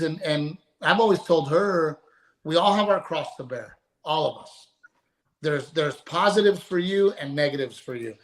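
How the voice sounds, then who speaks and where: A man's voice: on the high side, moderate pace, low-quality recording. A man, a comedian guest, telling family stories in casual podcast chat and acting out the dialogue.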